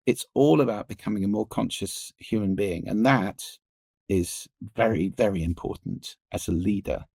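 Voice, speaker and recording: A middle-aged man, a podcast guest, explaining listening and voice in an animated, expressive way that shifts pace and pitch for emphasis. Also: moderate pace, creaky, breathy edge, dry recording. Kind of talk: interview conversation.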